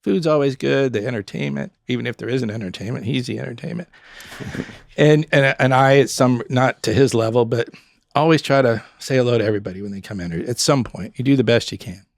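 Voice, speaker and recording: A middle-aged man with a gravelly, fry-edged voice talks casually as a podcast guest, recorded close and dry with no room around him. He tells restaurant stories with energy and slips into quick voices for customers and servers. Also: mid-range voice, no room sound. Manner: animated storyteller, acts out customers and staff. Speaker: guest, former pub owner.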